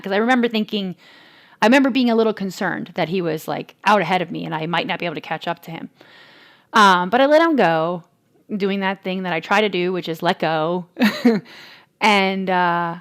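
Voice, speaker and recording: A woman in her forties, chatting on her own podcast in a loose, rambling way. Her voice has a gravelly, fry-tinged texture, with pitch that sits mid-range for a woman, and she circles back and restarts as she tells a family story. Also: fairly bright tone. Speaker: podcast host. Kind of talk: casual solo chat.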